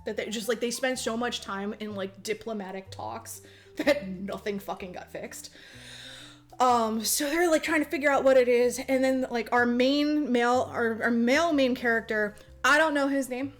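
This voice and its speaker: A young woman co-hosting a podcast casually recaps a movie with plenty of profanity, laughing often and performing the characters' lines. Her voice is on the high side at a moderate pace, with faint music behind her.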